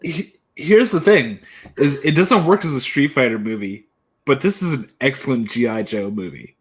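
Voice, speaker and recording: Animated joking man on a review show. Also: medium pitch, normal speed. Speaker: show co-host. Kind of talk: tipsy movie review chat.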